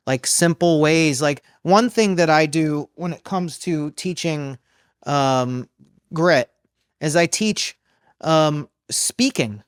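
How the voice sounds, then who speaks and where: A man who coaches singers, explaining in a loose, halting way during a casual podcast interview. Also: fairly high pitch, smooth, no room sound, clean studio sound. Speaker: vocal coach. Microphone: studio microphone.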